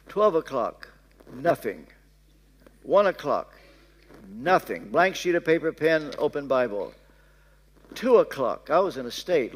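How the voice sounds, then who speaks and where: Older male preacher, Kentucky accent, storytelling sermon, high and lively voice. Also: slow, long pauses. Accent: Southern American, Kentucky. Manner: storytelling, dropping to soft hushed tones for prayers. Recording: reverberant hall.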